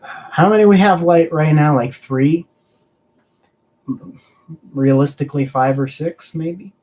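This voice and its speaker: A man's voice: fairly high pitch, takes it slowly, darkish tone, low-quality recording. A young man from the American South hosts a loose live stream, answering viewers in an easygoing, rambling way. His talk is casual and peppered with swearing. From Southern United States. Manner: laid-back and rambling, swears freely. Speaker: collectibles channel host.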